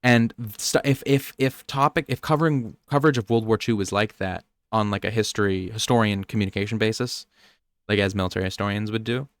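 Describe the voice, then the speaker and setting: This young American man co-hosts a podcast, wandering through nerdy subjects in relaxed conversation and frequently breaking off to restart his sentences. His voice sits on the low side and is smooth and brisk. The recording is clean studio sound with no echo.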